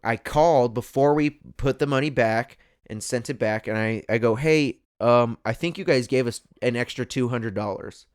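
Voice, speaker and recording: Laughing, animated young male podcast host. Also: mid-range voice, moderate pace, few pauses, smooth. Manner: animated storytelling, laughs often. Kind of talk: casual chat.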